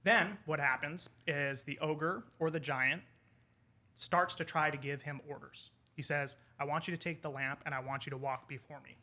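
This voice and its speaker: A man, an English professor, telling a folk tale in casual conversation over wine, animated and quoting the characters. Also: a little high, moderate pace. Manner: animated retelling with quoted character lines. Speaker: podcast guest, English professor.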